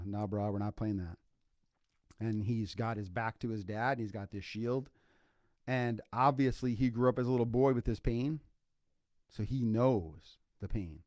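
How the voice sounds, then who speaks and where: A man's voice: medium pitch, a little mellow, no room sound, clean studio sound. An older man, a grandfather and psychologist, co-hosting a podcast alone in an informal, earnest livestream talk full of fillers and repeated points. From Iowa, United States. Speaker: podcast co-host, clinical psychologist. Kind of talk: impromptu solo livestream talk.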